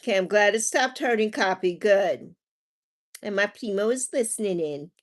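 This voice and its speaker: A woman's voice: medium pitch, moderate pace. A middle-aged woman hosting a casual livestream, chatting and reading viewer comments aloud with lots of laughter. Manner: animated, laughs often, reads chat aloud. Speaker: livestream host reading chat.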